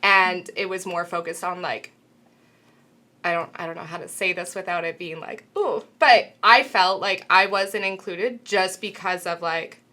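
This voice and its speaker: A woman's voice: on the low side, steady tone, unhurried, sharp tone. A woman co-hosting a casual panel talk show, earnest and thoughtful, with many filler words. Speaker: co-host.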